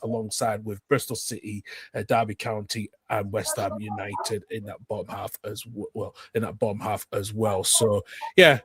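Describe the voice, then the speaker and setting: A man's voice: mid-range voice, slight background noise. Rambling man hosting a football podcast. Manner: rambling, keeps tacking on "as well". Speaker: podcast host. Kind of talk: casual football podcast chat.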